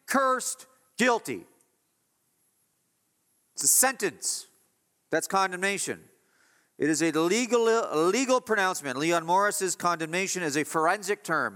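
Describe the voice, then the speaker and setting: A man preaching a sermon as pastor, emphatic, moving between hushed passages and raised declarations. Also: sits high. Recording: long hall reverb.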